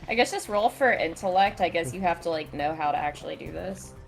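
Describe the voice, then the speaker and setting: A woman's voice: on the low side, lively intonation, fairly quick, vocal fry, soft background music. A woman narrating as game master in a loose, giggly way, full of "like" fillers.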